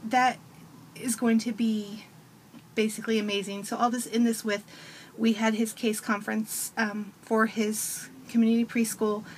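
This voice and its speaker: A woman's voice: fairly high pitch, little pitch movement, normal speed, a little hiss or hum. A woman in her thirties giving a casual testimonial as a parent, telling stories with animation and acting out her child's voice.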